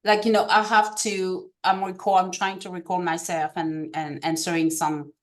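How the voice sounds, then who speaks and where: A woman's voice: lowish voice, level tone, normal speed. A woman with a French accent, speaking hesitantly with many fillers, asking for advice on a video call. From France. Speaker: group participant. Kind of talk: casual group chat on a video call.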